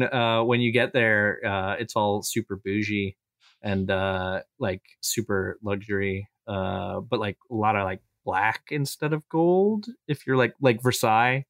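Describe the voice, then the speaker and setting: A man's voice: lowish voice, unhurried, fairly bright tone, dry recording, clean studio sound. A man in a tabletop game session, casually describing his character with lots of hesitant fillers and restarts. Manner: rambling, hesitant, heavy fillers.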